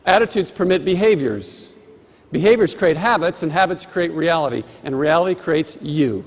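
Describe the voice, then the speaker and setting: A man's voice: fairly high pitch, animated, normal speed. A man giving a motivational keynote speech with emphatic, rhythmic repetition, on a stage microphone in a large conference hall. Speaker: motivational speaker. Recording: long hall reverb.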